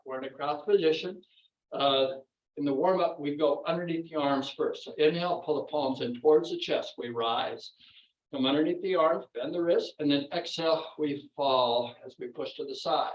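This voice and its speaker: A man teaching a virtual tai chi and qigong class. He calls out the breathing and the moves calmly and laughs often. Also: fairly high pitch, moderate pace, lo-fi sound. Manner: calm, instructive cueing with frequent light laughs. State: a little out of breath. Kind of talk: guiding a virtual exercise class. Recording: roomy echo, distant from the mic.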